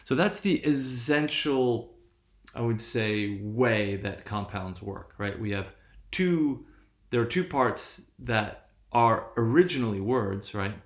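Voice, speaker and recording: A man's voice: medium pitch, animated, slow. A man teaching a linguistics lesson. He keeps checking in with his listeners through short tag questions and moves between English and French as he explains. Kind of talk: classroom lecture. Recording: echoey room.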